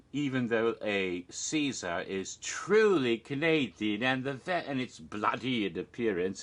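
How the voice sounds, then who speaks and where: A man's voice: medium pitch, fairly bright tone. A man hosting a casual cocktail-making show, rambling through asides and punning, chuckling at his own jokes with mock alarm.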